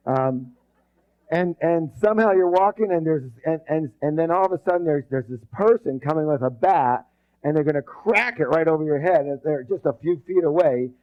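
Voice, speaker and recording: With a voice on the high side at normal speed, a man leads a live leadership seminar as its trainer. He drills the room with call-and-response and rambles, often restarting sentences, all in a dull lo-fi recording.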